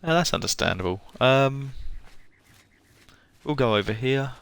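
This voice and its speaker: A man's voice: mid-range voice, animated, unhurried, gravelly, fairly bright tone, smooth, dry recording. A man streaming a game live, chatting casually and rambling, often laughing at himself.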